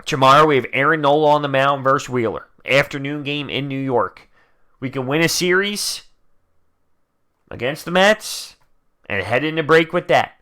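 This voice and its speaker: A man ranting as host of a fan reaction video, frustrated, dropping into low grumbles and then breaking into loud outbursts. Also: normal speed. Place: indoors, talking to camera.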